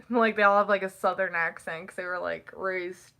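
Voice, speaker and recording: A teenage girl chatting casually to the camera, rambling and packing her talk with "like" and quick laughs. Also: medium pitch, steady tone, a bit bright. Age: teens. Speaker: vlogger.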